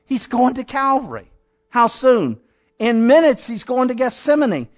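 A man's voice: very high-pitched, sing-song, measured pace. A male preacher delivering a dramatic sermon, often calling his listeners "my friend" and building through repeated phrases.

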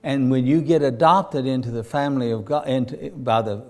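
A man's voice: mid-range voice, moderate pace. Folksy preacher man. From Virginia, USA. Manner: folksy storytelling, rising to fervent emphasis. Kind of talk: sermon.

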